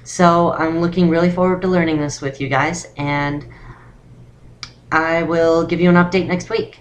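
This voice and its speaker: Young woman, lowish voice, casual rambling vlog-tutorial delivery. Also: steady tone, normal speed. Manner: rambling, full of "um" and "actually". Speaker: voice training vlogger.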